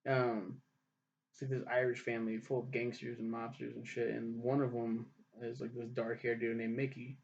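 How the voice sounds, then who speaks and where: Young male TV reviewer, swears freely, rambling rants, average pitch, muffled lo-fi sound. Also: little pitch movement, moderate pace, creaky, a little hiss or hum. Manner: profane, rambling, ranting. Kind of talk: casual spoken review. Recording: dull lo-fi recording.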